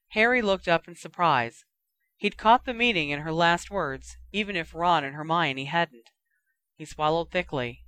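A narrator giving a steady, even reading of a story. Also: mid-range voice, normal speed, smooth, no echo. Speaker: audiobook narrator. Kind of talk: reading fan fiction aloud.

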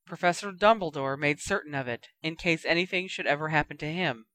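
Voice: mid-range voice, fairly quick, pushed and bright, no echo, lightly acted. A reader doing a stern, firm professor. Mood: grave. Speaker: Professor McGonagall.

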